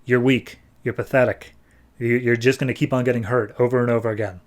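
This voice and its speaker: A man's voice: medium pitch, fairly even intonation, a little fast, lightly acted. A man voicing a manipulative male therapist villain who belittles his patient. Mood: belittling. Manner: belittling, then flustered.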